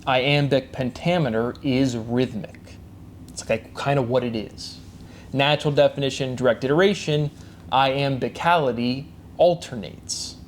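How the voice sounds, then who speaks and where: A man's voice: mid-range voice, slight background noise. A man giving a rambling solo monologue, speeding through repeated catchphrases and invented words, with frequent restarts. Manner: fast, repetitive wordplay with frequent restarts and coined words; chanted catchphrases. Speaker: solo presenter.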